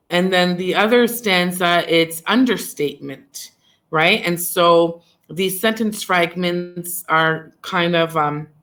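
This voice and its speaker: A woman's voice: fairly low pitch, a bit bright. A woman teacher leading a class discussion on poetry, asking questions, praising answers and repeating them back to the students.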